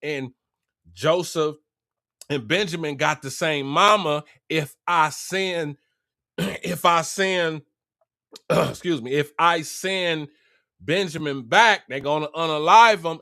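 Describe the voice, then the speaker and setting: A man's voice: fairly high pitch, animated, takes it slowly, sharp tone, no room sound, studio quality, heavily acted. A man voicing a worried, protective elderly father in a casual retelling, slangy in his speech.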